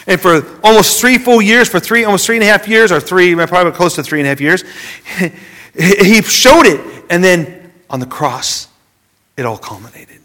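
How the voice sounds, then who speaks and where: A man preaching a sermon, dropping from loud emphasis to a hushed near-whisper and often repeating words as he goes. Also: high voice, moderate pace. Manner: repeats words as he searches for phrasing.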